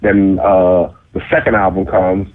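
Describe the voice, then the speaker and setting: A middle-aged man telling a story in casual talk, cocky and animated, jumping into high squeaky voices for the people in it. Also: unhurried. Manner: cocky, self-mocking. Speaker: interview guest. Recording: phone-like narrow sound.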